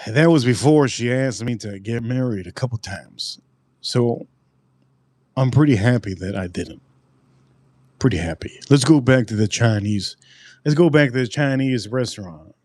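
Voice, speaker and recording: A man hosting a live stream and telling a personal story in an animated, profane way, often repeating his lines. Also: medium pitch, moderate pace, dry recording.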